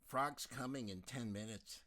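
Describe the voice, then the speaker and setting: A man voicing a brisk, caring young woman in a storybook reading. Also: medium pitch, pushed and bright. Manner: brisk and concerned.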